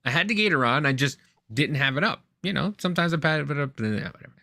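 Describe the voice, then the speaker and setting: Gravelly-voiced man telling a story. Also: a little high, fast, no echo, clean studio sound. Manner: rambling, animated anecdote with restarts. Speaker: podcast co-host. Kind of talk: casual chat, storytelling.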